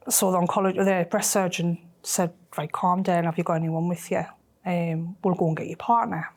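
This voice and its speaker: A middle-aged woman, telling a personal story in an emotional, halting way that often drops to a near whisper. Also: on the low side, a little mellow. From North East England. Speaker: interviewee.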